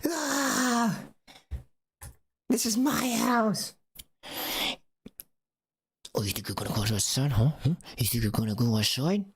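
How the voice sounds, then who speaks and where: A man's voice: fairly low pitch, lively intonation, fast, few pauses, a little hiss or hum, lightly acted. A man putting on the voice of an angry, defensive mother who nags and taunts her child with mocking questions. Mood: scolding. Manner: mocking, nagging, rhetorical taunts.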